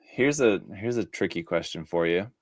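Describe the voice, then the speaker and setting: A man hosting a casual interview, relaxed, with frequent short backchannels. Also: low voice, normal speed, no room sound, studio quality. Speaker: interview host.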